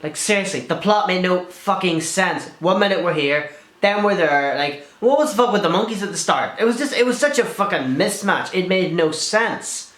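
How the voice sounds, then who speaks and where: Young guy, casual Q&A vlogger, fairly high voice, talkative with blunt swearing, echoey room. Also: normal speed. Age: young adult. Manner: chatty, swears freely, animated asides. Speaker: video blogger. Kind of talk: casual Q&A vlog.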